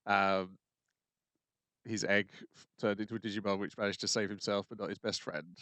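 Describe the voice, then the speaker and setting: A man with a fairly low voice recaps events on a podcast at a measured pace, often pausing on "um". His voice sounds dry and close to the mic. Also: fairly even intonation, sharp tone, no echo. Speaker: podcast co-host. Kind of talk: casual chat.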